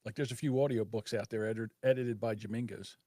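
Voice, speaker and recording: A man's voice: fairly low pitch, fairly even intonation, quick pace, warm tone, no room sound, clean studio sound. A man, hosting a casual live stream, rambling and laughing often. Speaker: host.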